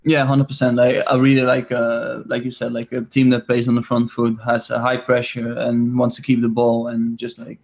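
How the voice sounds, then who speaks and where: With a creaky, darkish, monotone voice at medium pitch, the Dutch-accented soccer player, a man in his twenties, moves at a moderate pace with hardly any pauses. Still, his interview replies are hesitant and packed with fillers and restarts; the sound is lo-fi.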